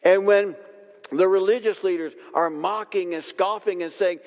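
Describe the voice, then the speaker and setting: Pastor, male, slightly high voice, deliberate sermon delivery, church hall echo. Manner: slow, emphatic preaching with long pauses and repeated refrains. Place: church sanctuary. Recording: long reverb of a church hall.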